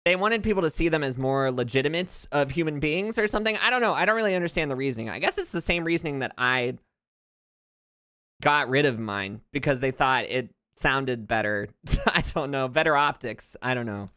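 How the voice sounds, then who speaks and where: A young man with a light Southern accent chats casually while streaming, wandering off on tangents and laughing between thoughts. His voice is bright and smooth. The sound is dry and close, with no room around it. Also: mid-range voice, lively intonation, a little fast, dry recording. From southern United States. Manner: rambling, drifts into tangents and laughs often. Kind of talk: casual chat while gaming.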